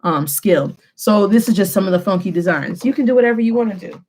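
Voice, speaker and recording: A woman teaching a Spanish lesson, switching between English and Spanish and slowing down to stress key phrases. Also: mid-range voice, animated, a little mellow. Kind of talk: classroom lesson.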